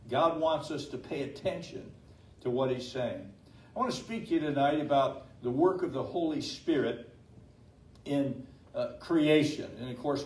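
A man's voice: medium pitch, a little mellow, far from the mic. Older male pastor preaching in an echoey hall. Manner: halting with many fillers, slows and rises for emphasis. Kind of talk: sermon.

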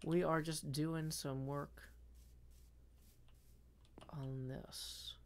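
A man's voice: on the high side, little pitch movement, drawn-out words. A man chatting casually on a live stream while he builds in a game, rambling and self-deprecating, upbeat when he greets viewers.

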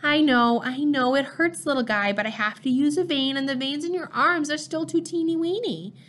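A woman voicing a gentle male nurturer who talks to newborns in a sing-song baby voice, as part of an audiobook reading. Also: high-pitched, normal speed, slight background noise, pitched above the performer's own voice. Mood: cooing.

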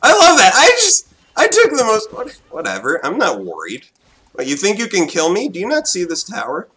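A young man giving live gameplay commentary, excitable, swinging between loud outbursts and low mutters. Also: a little fast. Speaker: gaming commentator.

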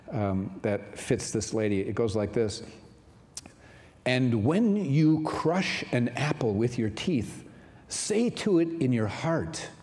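A man delivers a sermon in an earnest, unhurried way, often pausing on fillers. His voice is mellow and soft-edged. It carries through a large hall with a long reverb tail. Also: fairly low pitch. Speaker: pastor. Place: large church sanctuary.

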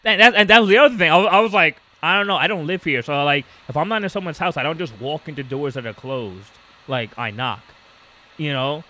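A fairly high-pitched man talks fairly quickly as a podcast co-host, casually telling a story. He's an animated storyteller who gives the people in it their own voices.

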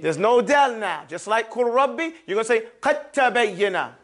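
A man teaching Quran recitation in a classroom lesson, patiently repeating sounds slowly and checking in with his listeners often. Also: very high voice, lively intonation.

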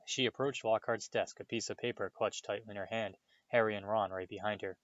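A man reading a novel aloud in a steady storytelling manner, giving the characters voices. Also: on the low side, a little fast, dry recording, muffled recording. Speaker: reader.

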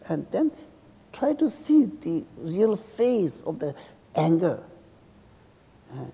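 A man who is a Buddhist monk, speaking English with a Tibetan accent as a second language. He teaches a class in halting English and keeps checking in with his students by asking "okay?". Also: very high voice, creaky, dark tone, slightly rough. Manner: acts out insults and praise with a laugh. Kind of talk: dharma class lecture. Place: teaching room in a cultural center. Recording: reverberant hall.

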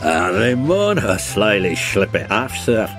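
A man's voice: fairly low pitch, very animated, measured pace, a bit bright, soft background music. A man voicing twin male engines in a storybook, speaking in a Scottish accent with an innocent, evasive manner.

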